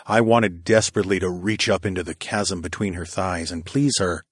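A man narrating an erotic audiobook in the first person, in a slow, intimate, steady storytelling manner. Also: low-pitched, breathy edge, no echo, studio quality.

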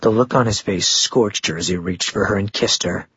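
Husky low male audiobook narrator. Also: normal speed, a bit bright, dry recording, muffled recording. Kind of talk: scripted narration of a romance novel.

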